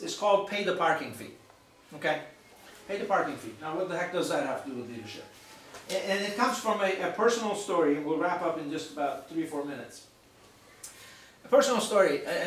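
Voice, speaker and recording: A man giving an author's talk in a bookshop, telling a story in an animated, chatty way with asides to the audience. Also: high voice, slight background noise. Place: bookshop event room. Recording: very echoey room, mic far off.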